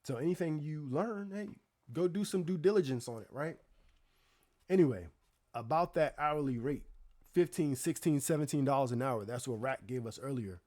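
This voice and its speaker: A man hosting a live stream, telling a story in casual chat with animated, exasperated rhetorical asides to his viewers. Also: fairly high pitch, normal speed. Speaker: livestream host.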